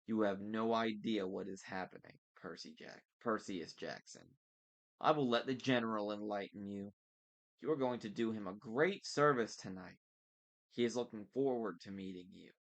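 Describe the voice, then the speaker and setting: A gloating monster villain with a low voice and a slow, mocking, deliberate delivery, as a man reading a novel aloud puts him on. He savors every threat. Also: natural voice. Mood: gloating menace. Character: menacing monstrous male vice principal, gloating.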